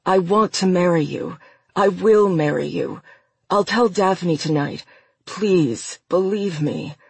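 A desperate man begging his lover to stay, as a narrator voices him. The voice is slow and husky, urgent underneath, recorded dry and close. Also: medium pitch, dry recording, exaggerated voice. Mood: pleading. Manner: pleading, urgent. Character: desperate man, pleading then furious lover.

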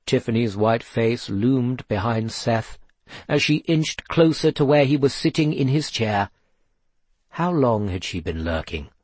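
A man reading a story aloud in a measured, expressive way. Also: medium pitch, dry recording. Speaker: narrator. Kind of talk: storybook narration.

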